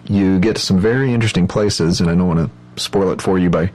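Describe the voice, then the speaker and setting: A man with a very deep, low voice talks through meditation techniques in a calm, explanatory lecture. He pauses often with ums and uhs as he works through each step. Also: poor audio. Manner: measured, explanatory, frequent fillers. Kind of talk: instructional lecture.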